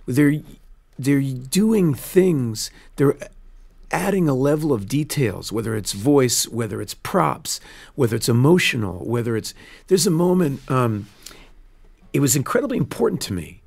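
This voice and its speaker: A man, a film director, telling stories in a casual studio interview, earnest and animated, often restarting his sentences. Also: mid-range voice, unhurried, vocal fry, husky. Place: radio studio.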